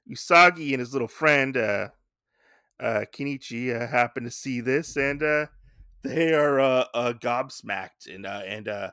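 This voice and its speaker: A man's voice: mid-range voice, sharp tone, dry recording, clean studio sound. A man hosting a podcast, casually recapping a comic book in a rambling way with lots of fillers and restarts. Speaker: podcast host.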